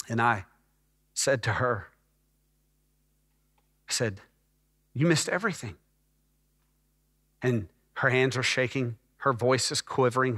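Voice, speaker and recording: A middle-aged pastor from Texas preaching a sermon as a personal testimony, emotional and rising to fervent peaks. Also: male voice, medium pitch, pushed and bright. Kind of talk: sermon storytelling. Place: church sanctuary. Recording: church hall reverb.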